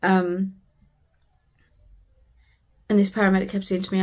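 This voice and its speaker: A woman's voice: mid-range voice, little pitch movement, a little slow, darkish tone. A British woman, a family vlogger, earnestly retelling a frightening family emergency in a personal storytelling vlog.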